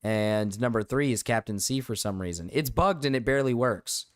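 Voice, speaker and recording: A man's voice: medium pitch, moderate pace, no room sound, studio quality. A man streaming live, chatting loosely with his viewers, joking and swearing casually as he reads the chat.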